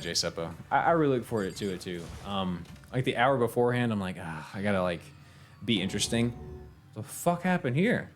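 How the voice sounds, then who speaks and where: Animated young man streaming a game. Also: fairly low pitch. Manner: animated, swearing, laughing, chatting with viewers. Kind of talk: casual let's-play commentary, reading game text aloud.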